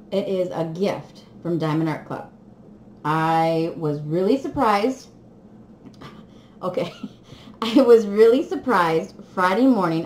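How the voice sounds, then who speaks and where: A woman chatting casually to viewers while unboxing, excitable and giggly. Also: deep voice, gravelly. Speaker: crafting vlogger. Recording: echoey room with faint noise.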